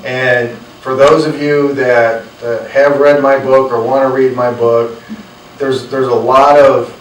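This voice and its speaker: A man's voice: mid-range voice, flat delivery, slow pace, a little hiss or hum. A man, an author telling earnest stories to a live audience and acting out the dialogue he quotes. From North Carolina. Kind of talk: storytelling talk to an audience. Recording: roomy, from a distant mic.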